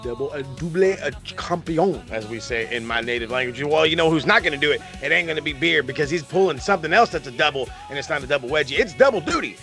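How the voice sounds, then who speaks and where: A man's voice: a little high, expressive, very fast, creaky, few pauses, pushed and bright, faint music behind. A man hosting a comic wrestling podcast in a playful, hammy way. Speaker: podcast host.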